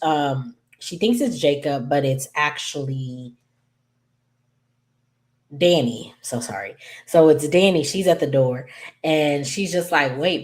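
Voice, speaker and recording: Very low-voiced woman recapping a TV episode. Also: darkish tone. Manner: rambling, filler-heavy, apologetic asides. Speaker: YouTube TV recap host.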